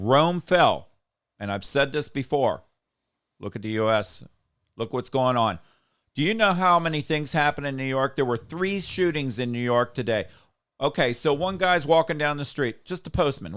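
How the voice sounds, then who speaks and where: A man's voice: mid-range voice, lively intonation, moderate pace, a bit bright, clear, resonant tone. A man hosting a political podcast who rants emphatically and tells anecdotes in casual talk. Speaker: podcast host.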